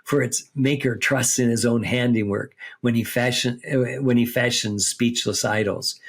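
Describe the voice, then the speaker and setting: Podcast Bible teacher, male, husky mid-range voice, explains passages step by step and checks in often. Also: mid-range voice, steady tone, moderate pace. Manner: explains step by step, reads scripture aloud, checks with "okay?" and "right?".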